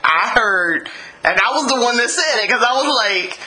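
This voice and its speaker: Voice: mid-range voice, lively intonation, moderate pace, very noisy. A podcast co-host in casual chat, laughing often and chiming in with reactions and details.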